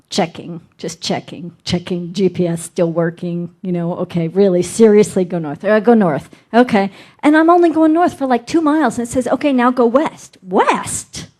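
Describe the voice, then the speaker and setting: A woman's voice: mid-range voice, darkish tone. A middle-aged woman minister delivering a sermon, telling a personal story and acting out her inner dialogue.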